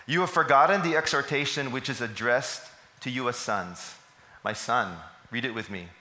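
A man's voice: medium pitch, normal speed, pushed and bright. A man, preaching a sermon and putting questions to the congregation that he answers himself. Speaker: pastor. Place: church service hall. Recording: echoey hall.

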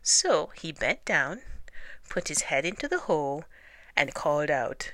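A woman narrating a children's storybook aloud, gentle and expressive. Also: low voice, moderate pace, no echo. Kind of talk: storybook reading.

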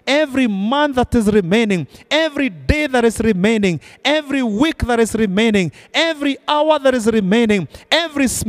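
A man preaching a sermon and leading a prayer with fervent, repeated decrees. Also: very high-pitched.

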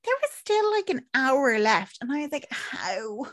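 This young Irish woman recaps a film in casual podcast chat, animatedly performing the characters' lines and cursing without restraint. She is a co-host, speaking high at a moderate pace.

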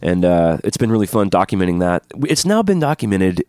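A man's voice: sits low, no echo, clean studio sound. A man co-hosting a podcast in casual chat, stretching out words like an announcer when he draws prize winners. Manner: animated, drawn-out announcer delivery for prize draws. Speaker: podcast co-host.

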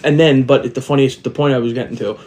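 A man's voice: mid-range voice, steady tone, fast talker, a little mellow. A middle-aged man co-hosting a casual podcast, telling rambling stories and acting out the voices of people he met. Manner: rambling storyteller, acts out quoted voices. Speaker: podcast co-host. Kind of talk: casual chat.

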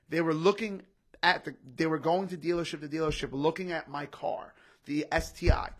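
A man's voice: fairly high pitch, creaky, fairly bright tone. A young man telling an emotional personal story in casual podcast chat, often saying "bro" and "literally". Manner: repeats himself, says "bro" and "literally" often. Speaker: podcast guest, comedian.

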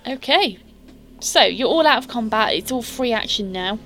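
A woman's voice: on the high side, lively intonation, moderate pace, fairly bright tone, slight background noise. A woman, running a tabletop game as game master and describing scenes in detail. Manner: descriptive, restarts and fillers while narrating.

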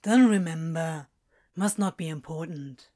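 A woman voicing a tipsy, evasive male demon in a fan fiction reading, mumbling and halting. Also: low voice, warm tone, pitched below the performer's own voice.

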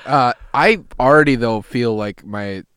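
A man's voice: medium pitch, unhurried, fairly bright tone, clean tone, no echo, studio quality. A young man from Wisconsin co-hosting a podcast, joking crudely and complaining dramatically. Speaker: podcast co-host. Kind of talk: casual podcast chat.

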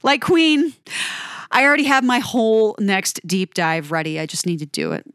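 A woman's voice: medium pitch, sing-song, a bit bright, no room sound, clean studio sound. An emotional woman speaking earnestly to her viewers, encouraging them to take care of themselves. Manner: earnest and emotional, speeding up and slowing down. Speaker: music video creator. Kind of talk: heartfelt direct-to-camera talk.

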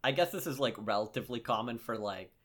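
A man's voice: mid-range voice, animated, a bit bright. A young man co-hosting a podcast, chatting casually and joking at his own expense with many fillers. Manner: joking, self-deprecating, halting with fillers. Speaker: podcast co-host.

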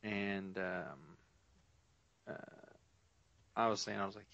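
A man's voice: low voice, slow, gravelly, fairly bright tone, dry recording. A young man co-hosting a podcast, chatting casually and telling stories about his coworkers. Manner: storytelling, quoting coworkers. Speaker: podcast co-host. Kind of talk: casual chat. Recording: dull lo-fi sound.

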